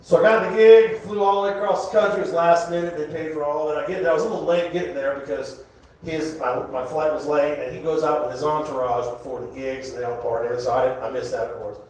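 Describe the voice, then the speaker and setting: A man's voice: a little high, fast talker, darkish tone, far from the mic, a little hiss or hum. A man with a Southern US accent doing a rambling stand-up comedy set, often laughing at his own jokes. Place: comedy club, indoors. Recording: echoey club room, live crowd.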